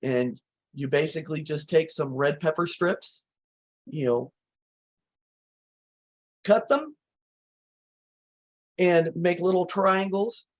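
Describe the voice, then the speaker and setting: A slightly hoarse woman host, walking through recipes in relaxed, chatty talk full of fillers. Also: low voice, slow pace, pauses often. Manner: relaxed, chatty, many "you know" fillers. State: slightly hoarse, losing her voice. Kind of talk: casual cooking chat.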